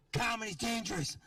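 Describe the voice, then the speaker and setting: A middle-aged man works a comedy club stage, ranting in a brash, profane style. His voice sits very high and sounds bright and forceful. The sound is dry and picked up from a distance. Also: dry recording. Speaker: stand-up comedian. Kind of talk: stand-up set.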